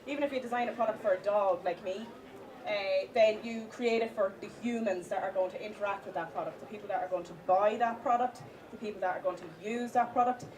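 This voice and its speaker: A woman giving a live conference talk, with many fillers and restarts, stressing the points of a list slowly. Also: mid-range voice, crowd noise. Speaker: conference speaker. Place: conference hall with audience. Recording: distant mic, audience in hall.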